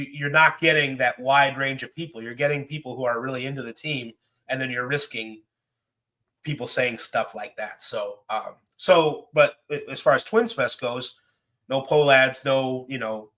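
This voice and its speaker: A man's voice: mid-range voice, bright, forceful tone. A man, co-hosting a casual chat with easygoing, wry asides. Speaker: podcast co-host.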